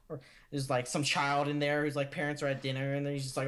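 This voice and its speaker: Profane, bright-voiced male podcast host. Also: mid-range voice. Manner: animated, profane, quick asides. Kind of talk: casual profane storytelling.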